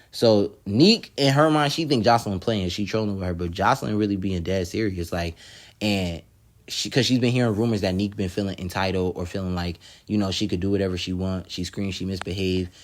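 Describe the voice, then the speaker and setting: A man's voice: deep voice, fairly quick. A man casually recapping a reality show episode, swearing freely, laughing often and acting out what the cast said. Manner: profane, laughs often, acts out quotes. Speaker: TV episode reviewer.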